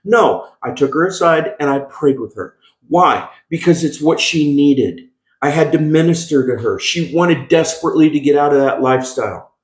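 A male pastor preaching a sermon, emphatic, with call-and-response asides and frequent restarts. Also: a little high. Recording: echoey room.

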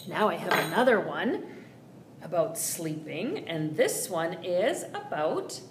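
A woman's voice: fairly low pitch, very animated, slow pace, recorded from a distance. Sing-song woman leading children's story time. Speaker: children's librarian. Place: library room. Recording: roomy echo, faint noise.

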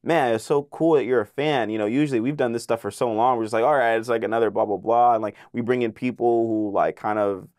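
A young man, a voice actor guest, telling an excited story in a casual interview, full of filler words and acted-out quotes. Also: mid-range voice, fast talker, hardly any pauses, dry recording, studio quality.

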